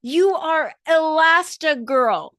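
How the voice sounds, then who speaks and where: A woman voicing a blunt, no-nonsense older female costume designer who scolds and commands in a brisk way. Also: sits high, animated, a bit bright, dry recording, studio quality, voice pushed up, full character voice. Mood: incredulous.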